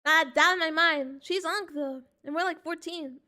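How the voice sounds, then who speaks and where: A woman's voice: very high voice, a little slow, sharp tone. A young woman streaming a game, chatting in a joking, slangy way and laughing often. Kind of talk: casual gaming stream chat.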